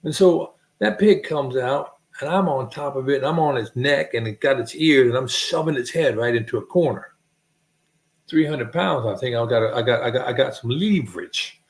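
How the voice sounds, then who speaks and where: A man from the United States telling rambling, animated stories in a folksy way, chuckling at his own tales. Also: mid-range voice, moderate pace. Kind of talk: casual rambling anecdote. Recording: roomy echo.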